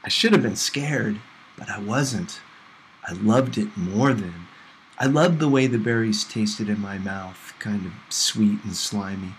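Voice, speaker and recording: A man's voice: fairly low pitch, slight background noise, rough recording. Man reading a novel aloud. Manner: measured, gentle first-person narration. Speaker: audiobook reader for a class.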